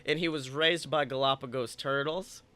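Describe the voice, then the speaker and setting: A man's voice: mid-range voice, steady tone, moderate pace, bright, forceful tone, clean tone, no room sound. A young man, a podcast co-host, rambling through an improvised comedic story with playful, crude jokes.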